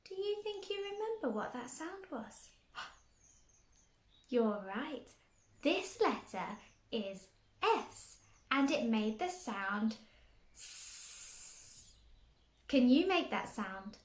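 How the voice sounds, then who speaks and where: A young woman teaching phonics to small children, slow and exaggerated, asking questions and giving lots of praise. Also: high voice, very animated, echoey room. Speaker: early years phonics teacher. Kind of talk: sing-song lesson for small children.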